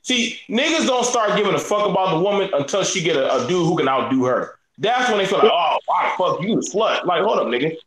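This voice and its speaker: A man's voice: high-pitched, big pitch swings, fast talker, hardly any pauses, fairly bright tone, roomy sound, low-quality recording. A man giving blunt, profane opinions in a casual podcast debate.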